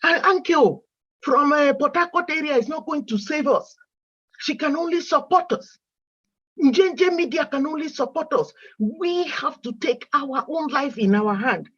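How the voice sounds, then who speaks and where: A woman's voice: sits high, animated, measured pace, fairly bright tone. Impassioned woman on a muffled video call. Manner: emotional, pleading, repeats questions. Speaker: caller in an online meeting. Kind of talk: impassioned plea.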